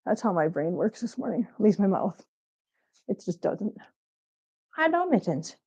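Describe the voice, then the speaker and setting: A woman's voice: fairly low pitch, moderate pace, vocal fry, mellow, breathy edge. A woman chatting casually on a cat-care livestream, rambling and answering viewers while she cleans, a little out of breath. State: a bit out of breath. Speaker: cat channel vlogger.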